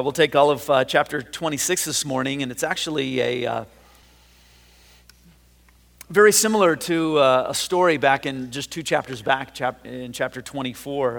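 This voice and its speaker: A man preaching a sermon as pastor, talking in a relaxed, conversational way with frequent fillers and restarts. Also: mid-range voice, gravelly, in a large hall.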